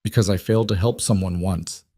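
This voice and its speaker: Guy doing a calm scary mob boss, smooth and in control, deep-ish voice, storybook. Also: a little fast, dry recording, clean studio sound. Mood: calm commanding. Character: calm, dangerous male mafia boss.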